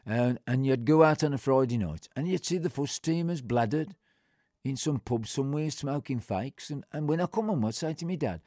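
A man's voice: medium pitch, moderate pace, warm tone, no echo, studio quality. Older man reminiscing. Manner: rambling, conversational, with many fillers and restarts. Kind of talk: personal reminiscence storytelling.

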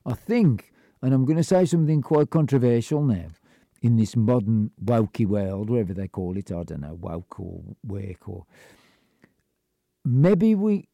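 A man's voice: mid-range voice, creaky, dark tone, no echo. An older man tells a rambling, blunt and self-deprecating story about his childhood. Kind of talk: personal storytelling monologue.

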